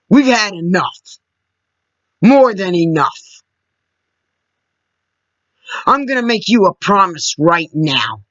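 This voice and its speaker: Furious American woman vlogger, bright sharp tone, dry dull recording. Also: on the low side, sing-song, slow, long pauses, no echo. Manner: furious, profane, shouting at times. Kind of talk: angry political rant.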